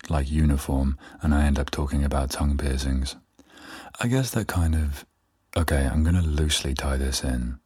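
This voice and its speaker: A man's voice: a bass voice, darkish tone, breathy edge, dry recording, clean studio sound. A young man hosting a solo podcast, rambling candidly and poking fun at himself. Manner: rambling, self-deprecating, candid. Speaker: podcast host. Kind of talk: casual solo podcast chat.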